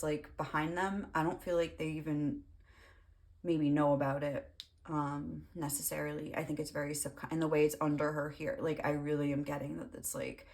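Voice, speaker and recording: A young woman giving a casual tarot reading, rambling with lots of fillers and the odd swear word. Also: sits low. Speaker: tarot reader.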